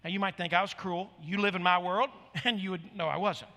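A middle-aged man, a pastor, telling stories during a sermon in an animated, emphatic way. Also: sits high, fairly quick, long reverb tail. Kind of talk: sermon storytelling.

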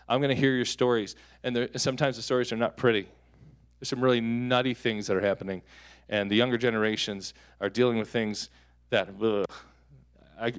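A man in his thirties preaching a sermon as a pastor. He tells stories with jokes and breaks into sudden loud peaks. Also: mid-range voice, smooth. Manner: animated, joking storyteller with sudden loud peaks. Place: church hall.

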